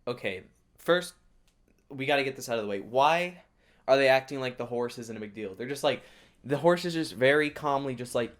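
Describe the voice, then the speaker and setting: A man hosting a reaction video, giving casual comedic commentary with excitable, sarcastic asides. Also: medium pitch, normal speed.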